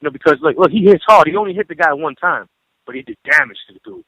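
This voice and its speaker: Fast-talking man, rambling phone storyteller. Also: fairly high pitch, animated, pushed and bright, no echo, poor audio. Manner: rambling, profane, full of "you know". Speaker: guest recalling a late friend. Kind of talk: casual phone interview storytelling. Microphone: phone call.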